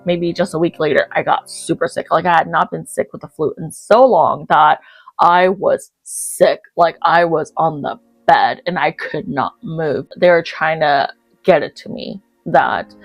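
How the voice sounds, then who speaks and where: A woman narrating her own life story as an author, acting out her past reactions with lively quoted lines. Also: deep voice, gravelly.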